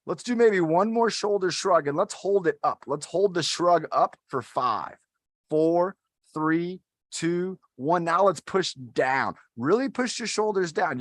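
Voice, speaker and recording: Leading an adaptive fitness class, a man gives guided workout instruction, upbeat and encouraging as he counts down the holds. His voice sits on the high side, and the recording is dry with clean studio sound.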